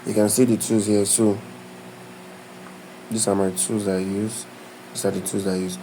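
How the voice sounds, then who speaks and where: A man with a lowish, mellow voice talks at a measured pace in a flat delivery, with a little hiss or hum on a low-quality recording. He's a tutorial creator running a live screen-share tutorial step by step, speaking loosely, repeating and restarting phrases, and often stopping to ask "do you understand?"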